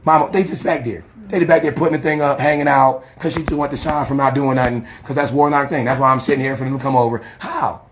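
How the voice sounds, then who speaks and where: A man, a street preacher arguing defensively outdoors by a church, talking fast and repeating himself, filmed on a handheld phone. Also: medium pitch, fairly even intonation, a little hiss or hum. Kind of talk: heated confrontational street talk. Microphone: handheld phone camera.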